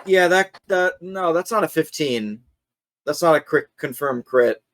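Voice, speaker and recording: A man's voice: fairly high pitch, animated, unhurried, a bit bright, no echo, clean studio sound. A man running a tabletop game as game master, narrating with many fillers and laughs.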